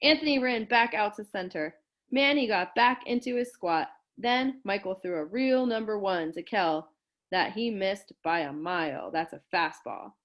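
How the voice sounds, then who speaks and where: A woman's voice: moderate pace, dull audio. A woman teacher reading a novel aloud to her class, raising her voice for the dialogue and stopping to explain terms. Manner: reads dialogue with lively lifts in pitch and volume, stopping to explain words.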